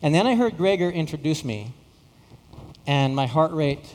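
Stammering pastor from Saskatchewan, reverberant hall. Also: male voice, fairly high pitch, lively intonation, normal speed, a little mellow. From Saskatchewan, Canada. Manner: stammering, repeats words, self-deprecating humor. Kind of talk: storytelling sermon.

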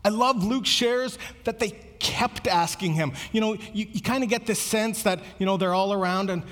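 High-voiced preacher in a reverberant hall. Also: male voice, normal speed, hardly any pauses, fairly bright tone. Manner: earnest, conversational preaching with repeated words. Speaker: pastor. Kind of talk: sermon.

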